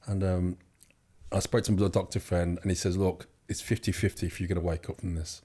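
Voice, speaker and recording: Young man, low pitch, mellow dark tone, rambling storyteller with fillers. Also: flat delivery, a little fast, husky. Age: young adult. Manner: rambling, many fillers and restarts. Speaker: interview guest. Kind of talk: casual storytelling.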